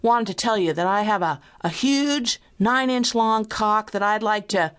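A woman's voice: mid-range voice, clear, resonant tone, voice pushed up, close to an everyday voice. A woman voicing a flustered male prank caller who stammers and hesitates. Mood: eager. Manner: stammering, halting.

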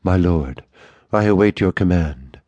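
A man's voice: low voice, measured pace, mellow, no room sound, muffled recording. A male audiobook narrator voicing a frightened notary of about fifty who speaks in a gloomy, trembling, pleading voice.

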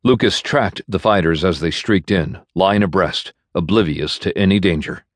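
Deep voiced guy reading a sci-fi audiobook, steady and measured, dry studio mic. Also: dry recording. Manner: measured, even storytelling. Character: bitter man navigator. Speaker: audiobook narrator. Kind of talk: scripted narration. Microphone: studio microphone.

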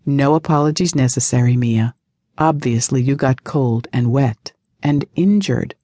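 A woman voicing a calm, commanding man with a smooth, unhurried, sarcastic tone. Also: extremely low pitch, no room sound, studio quality. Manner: slow, smooth and nonchalant.

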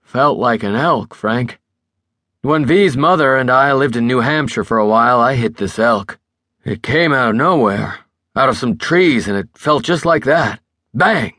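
A man's voice: medium pitch, expressive, measured pace, sharp tone, dry recording, studio quality, pitched above the performer's own voice. A male narrator playing a tipsy, stubborn older political fixer who rambles with backslapping bluster.

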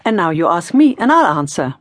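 A woman's voice: fairly low pitch, sing-song, a little fast, no room sound, studio quality. A woman teaching in a scripted audiobook lesson, prompting the learner in an encouraging, playful way. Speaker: language teacher.

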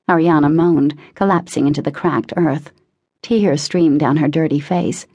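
A woman narrating a teen thriller audiobook in a measured, dramatic reading. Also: low voice, warm tone, breathy edge. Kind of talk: scripted narration.

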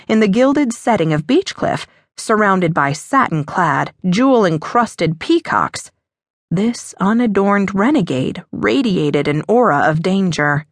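Expressive woman narrating a romance. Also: mid-range voice, unhurried, dry recording, studio quality. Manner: expressive, lilting storytelling. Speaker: audiobook narrator. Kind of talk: scripted narration.

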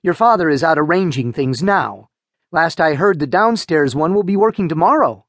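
A man voicing a calm, practical mother who speaks patiently and soothingly. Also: low voice, normal speed, dry recording, studio quality. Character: calm practical mother, a vet, middle-aged.

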